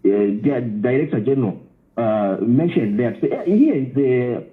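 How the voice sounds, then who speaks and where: Male caller, emphatic, animated delivery, phone-quality sound. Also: mid-range voice, normal speed. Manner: emphatic, repeats words while explaining. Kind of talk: call-in radio talk. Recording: tinny phone line.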